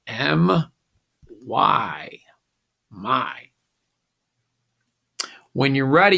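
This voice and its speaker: In a recorded classroom phonics lesson, a man gives slow, patient instructions with the occasional "uh." His voice is medium-pitched, gravelly and sharp.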